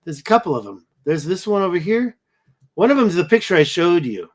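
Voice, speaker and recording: This man has a somewhat high voice and sounds worn out. He hosts a casual livestream and rambles, thinking aloud as he looks over pictures. He keeps wondering out loud and trailing off. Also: big pitch swings, brisk. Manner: rambling, thinking aloud while browsing photos. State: tired, yawning. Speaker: livestream host.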